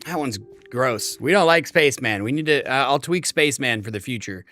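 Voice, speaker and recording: While streaming a game, a man in his thirties rambles to his chat in a friendly, casual way. His mid-range voice is animated, a little fast, pushed and bright, with soft music playing behind him.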